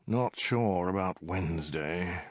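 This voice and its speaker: A man's voice: low voice, takes it slowly, dry recording, muffled recording. A man voicing a self-absorbed male warlord king who rambles through vague excuses with mild hesitations, in a storybook reading. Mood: dithering.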